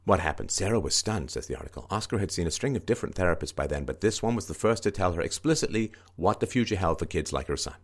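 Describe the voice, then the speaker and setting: A man with a very low voice talks through a news article, reading passages and stopping to comment. He is emphatic and keeps repeating his key points. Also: animated, fast talker, few pauses. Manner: emphatic, repetitive, swings into mocking higher-pitched quoting.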